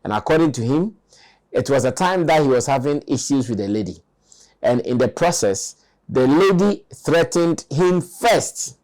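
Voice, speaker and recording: A male co-host with an ordinary mid-range voice. He relays the news calmly and plainly in a talk-show discussion. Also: mid-range voice, normal speed, rough recording.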